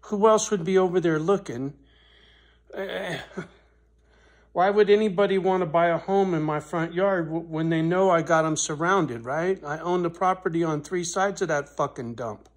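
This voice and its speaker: A man venting to camera in a personal vlog, blunt and swearing, his voice swelling loud when he is angry and then dropping soft. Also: on the high side. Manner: slow, deliberate delivery with pauses. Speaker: vlogger on his rural property.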